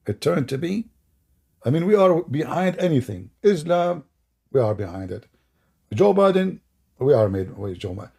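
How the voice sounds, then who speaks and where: Gravelly, husky man mocking on stream. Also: mid-range voice, mellow. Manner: sarcastic, mocking, with loose non-native grammar. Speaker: livestream host taking callers. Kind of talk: mocking religious-debate livestream.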